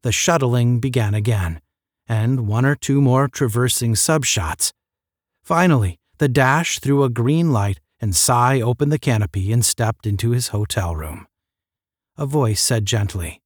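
A man's voice: medium pitch, dry recording. Man narrating a story, dry close sound. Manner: measured, steady storytelling delivery. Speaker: audiobook narrator.

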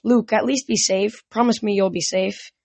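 A woman reading aloud puts on a frail old mother who drifts and dotes as she talks. Her voice sits a little higher and wanders softly. The sound is dry and close. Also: fairly even intonation, normal speed, vocal fry, slightly rough, no room sound. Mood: dotty. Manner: sweet, dreamy, wandering.

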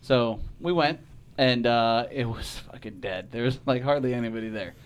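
A man's voice: medium pitch, normal speed, slight background noise. A man telling a story on a podcast in casual, profane talk, acting out the voices of the people in it. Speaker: podcast guest.

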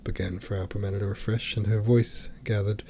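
A man reading a classic novel aloud as an audiobook, steady and measured. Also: fairly low pitch, slight background noise. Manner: steady, measured, even storytelling. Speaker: podcast host and audiobook reader.

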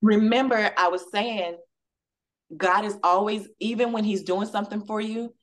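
A woman guest on a podcast, telling a personal story in an animated way and acting out the dialogue. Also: medium pitch, normal speed. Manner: acts out quoted dialogue with lively shifts; emotional, testimonial tone.

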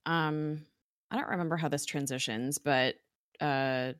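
A woman co-hosting a casual recap chat, relaxed and filling in with "um" and "yeah". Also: deep voice, measured pace, clear, resonant tone, no echo, studio quality. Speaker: podcast co-host.

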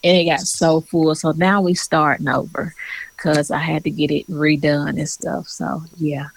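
A podcast guest telling a story in relaxed, chatty interview talk. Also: medium pitch, a little slow, vocal fry, slight background noise, poor audio. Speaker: podcast guest, business owner. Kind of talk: casual interview chat.

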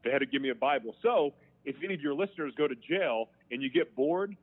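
A man's voice: fairly high pitch, expressive. Frank man on a tinny line. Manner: frank, emotional, halting with restarts. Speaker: interview guest. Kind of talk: candid personal storytelling. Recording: tinny phone-line sound.

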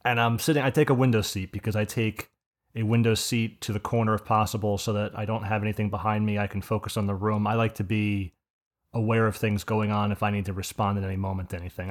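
A man's voice: lowish voice, fairly even intonation, fast. A man, co-hosting a podcast and telling stories in a rambling, profane, casual way. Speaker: podcast host. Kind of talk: casual chat.

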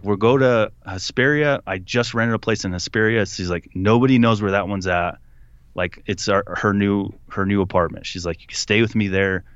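A man guest telling a personal story in a casual, animated way, acting out what people said. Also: fairly low pitch, no echo, muffled recording. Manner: animated retelling, acting out quotes. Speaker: podcast guest.

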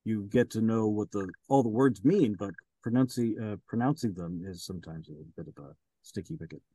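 A man's voice: lowish voice, a little fast, warm tone, no room sound. A man who narrates audiobooks, chatting as an interview guest in a rambling, hesitant way with lots of fillers. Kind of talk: casual interview chat.

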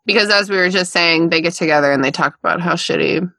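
Bright, lively woman co-hosting a chat. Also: fairly low pitch, fast, no echo. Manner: laughing, swearing, enthusiastic. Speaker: podcast co-host. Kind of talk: casual chat.

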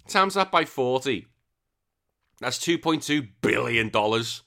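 A young man hosting a casual gaming news podcast, excitable and swearing freely, often trailing off into quiet asides. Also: medium pitch, slow, vocal fry. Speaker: podcast host.

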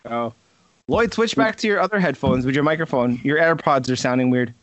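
A man's voice: mid-range voice, expressive, a little fast, no echo. A young man co-hosting a podcast in casual chat from home, laid-back, swearing freely and laughing often. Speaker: podcast co-host.

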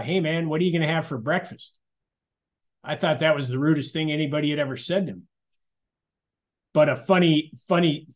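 Middle-aged guy telling his recovery story at a meeting, slightly higher voice, candid and chatty, lots of restarts. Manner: candid, conversational, with frequent restarts and asides. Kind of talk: personal testimony at a support meeting.

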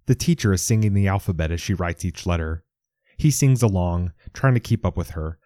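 A man reading a story aloud in measured, even audiobook narration. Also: sits low, no echo, clean studio sound.

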